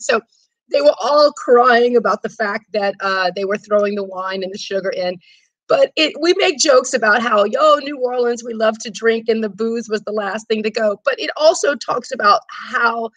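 A woman tour guide telling history stories in a chatty, animated way on a live stream, acting out quotes as she goes. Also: medium pitch, no echo, low-quality recording. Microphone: phone or camera on a live stream.

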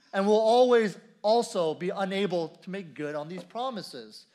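High-voiced male pastor preaching. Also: normal speed, a little mellow. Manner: conversational, repeats key phrases, asks the congregation questions. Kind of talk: sermon. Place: church service.

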